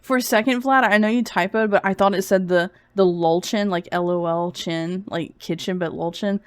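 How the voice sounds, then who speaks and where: A woman's voice: medium pitch, fairly even intonation, normal speed, clean tone, no room sound. Young woman, sarcastic stream commentary, mocking, giggly, feverish, dry room sound.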